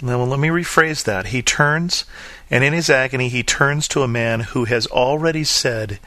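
A man preaching a sermon, reading scripture and then explaining it earnestly, slowing down to stress the key lines. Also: mid-range voice, bright, forceful tone, no room sound. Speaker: pastor.

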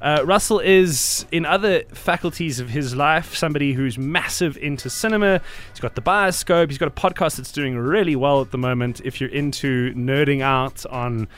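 A man with a South African accent hosting a casual radio chat in a studio, talking quickly with hurried asides. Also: a little high, fairly bright tone. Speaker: radio host.

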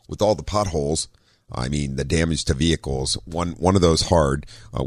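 Very deep-voiced laid-back radio host man. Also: no room sound, studio quality. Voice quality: very low radio voice. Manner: relaxed, rambling, many ums and uhs, easy laugh. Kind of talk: casual talk radio chat. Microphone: studio microphone.

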